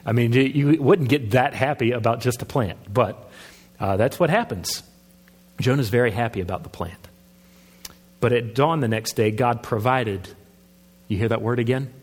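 Guy preaching, talks to the crowd, kinda husky, reverb from a big hall. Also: medium pitch, moderate pace. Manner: conversational preaching, asks the listeners questions. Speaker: pastor. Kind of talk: sermon.

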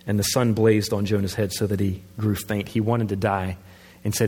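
Guy preaching, talks to the crowd, kinda husky, reverb from a big hall. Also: on the low side, little pitch movement, normal speed, darkish tone. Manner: conversational preaching, asks the listeners questions. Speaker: pastor. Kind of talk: sermon.

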